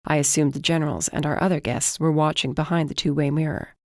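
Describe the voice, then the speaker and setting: An audiobook narrator reading a first-person fantasy novel in an even, measured way. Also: mid-range voice, dry recording, clean studio sound.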